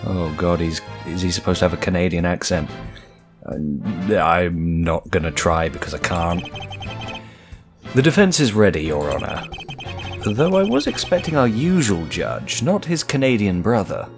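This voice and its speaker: A man's voice: sits low, expressive, a little slow. A man voicing a fan game, breaking off into self-deprecating comedic asides. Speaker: let's-play narrator voicing a fan game. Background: music.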